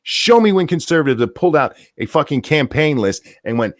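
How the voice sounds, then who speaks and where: A man tearing into a furious, profane rant, his pitch swinging wide from low growls to sharp peaks. The sound is close and dry, with no room around it. He mocks and jeers as he goes. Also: very animated, fairly quick, no room sound. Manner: profane, heated, mocking outbursts. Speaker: host. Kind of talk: angry political rant.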